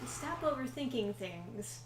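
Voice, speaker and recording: A woman's voice: on the high side, animated, slow pace, soft background music. A woman playing a video game and chatting casually, blunt and swearing when the game frustrates her. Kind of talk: casual gameplay chat. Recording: roomy sound with faint hum.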